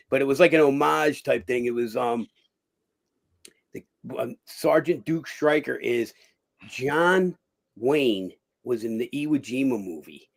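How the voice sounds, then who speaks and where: Middle-aged guy, gravelly voice, rambly interview guest, lots of um and uh and restarts, swears a bit. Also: medium pitch. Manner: rambling storyteller, many fillers and restarts, swears casually. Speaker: guest, actor and former boxer. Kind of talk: casual interview chat.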